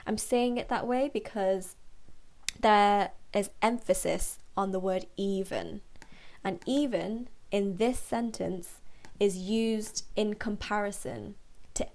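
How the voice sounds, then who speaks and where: A woman tutor reading a children's book aloud and patiently explaining its words, with many pauses and fillers. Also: mid-range voice, a little mellow.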